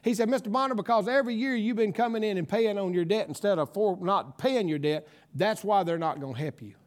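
A middle-aged preacher with a high voice for a man. He tells his testimony with deep feeling, swinging between quiet, tearful moments and loud, fervent praise. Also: brisk. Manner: emotional, tearful storytelling that rises to shouted praise. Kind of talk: sermon testimony.

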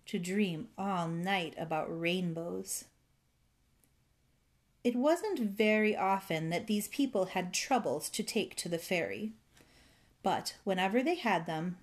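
A woman reading a children's fairy tale aloud in a gentle, rhythmic way, savoring its repetitions. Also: medium pitch. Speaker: storyteller.

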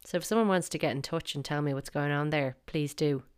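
Young South Dublin woman host, wry solo podcast talk, lowish voice. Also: fairly quick, clean tone. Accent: South Dublin Irish. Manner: chatty and wry, acts out phrases. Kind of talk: casual solo podcast monologue.

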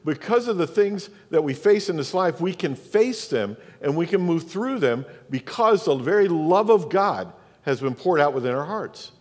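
Southern pastor preaching in a reverberant church. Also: male voice, on the high side, expressive, normal speed, darkish tone. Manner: preaching with rhetorical questions and emphatic repetition. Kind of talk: sermon. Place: church sanctuary. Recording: long reverb of a church hall.

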